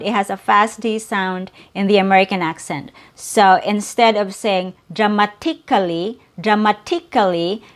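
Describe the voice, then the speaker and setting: Slow, careful woman teaching pronunciation. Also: mid-range voice. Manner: slow, careful, repeats words for drilling. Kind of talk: pronunciation lesson.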